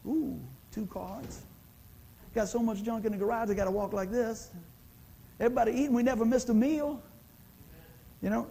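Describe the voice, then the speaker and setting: A man's voice: high voice, normal speed, creaky, pauses often, dark tone, a little hiss or hum, low-quality recording. A man preaching a sermon in a folksy, conversational way, often asking the congregation for an amen. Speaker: pastor.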